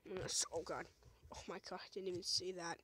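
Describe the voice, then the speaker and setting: A young woman gamer gives casual let's-play commentary in a lowish, fairly flat voice, talking fast over background noise. She's goofy, chats with the game and jokes with the enemies, and shrieks whenever she's in danger or things go wrong.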